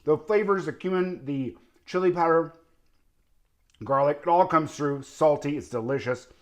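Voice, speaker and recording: A man's voice: on the high side, normal speed. Enthusiastic man hosting a cooking video. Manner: enthusiastic, talks while tasting and cooking. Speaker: cooking show host. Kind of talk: casual cooking demonstration.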